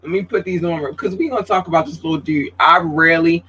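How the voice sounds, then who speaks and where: A fast-talking podcast host with a husky voice runs a casual livestream on a low-quality recording. He speaks straight to viewers, reads out their comments, and gets chatty and expressive, his pitch jumping high when excited.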